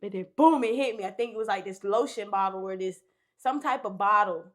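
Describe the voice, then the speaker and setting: A woman's voice: medium pitch, brisk. Candid young woman telling a story. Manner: candid, profane, acts out quotes from the story. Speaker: podcast guest. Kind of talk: casual storytelling chat.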